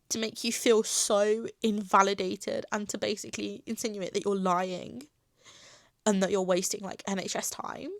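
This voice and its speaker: A woman's voice: medium pitch, moderate pace, gravelly, no room sound. A young woman speaks straight to her audience in a casual storytime vlog. She acts out both sides of the talks with doctors, upset and near tears. Her voice sits at an everyday height, recorded dry and close. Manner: animated retelling, acting out both sides of dialogue. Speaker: vlogger telling a personal story.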